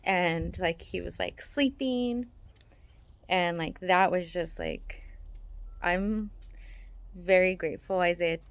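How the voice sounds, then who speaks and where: A woman's voice: lowish voice, slow, long pauses. A woman, a mother, casually telling a personal story to the camera. She talks in a chatty way, full of "like" fillers, and often acts out the voices of the people she quotes.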